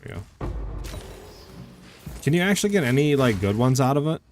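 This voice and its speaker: A man's voice: mid-range voice, big pitch swings, fairly quick, darkish tone, soft background music. A young man streaming a game, chatting casually and answering chat questions with lots of "like" fillers. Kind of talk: casual live-stream commentary.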